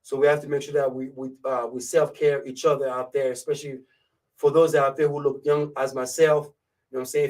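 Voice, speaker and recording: A man's voice: fairly high pitch, a little mellow, distant mic, poor audio. A man with a thick French accent hosting a live radio show in a laid-back way. He talks casually and keeps checking in with his listeners. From Côte d'Ivoire. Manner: laid-back, keeps saying "you know what I'm saying". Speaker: radio host.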